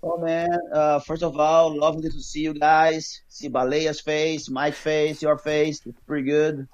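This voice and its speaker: Guy w/ on a video call, kinda high voice, laid back rambling, muffled lo-fi sound. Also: measured pace. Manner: relaxed, rambling, many fillers. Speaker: guest, jiu-jitsu athlete. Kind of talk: casual remote interview chat.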